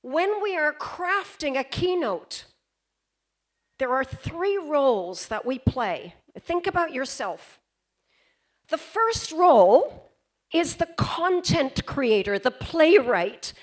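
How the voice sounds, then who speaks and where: A woman giving a storytelling keynote at a convention, pausing for effect and putting questions to the audience. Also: high-pitched, very animated. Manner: dramatic pauses, questions to the audience. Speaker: keynote speaker. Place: convention stage.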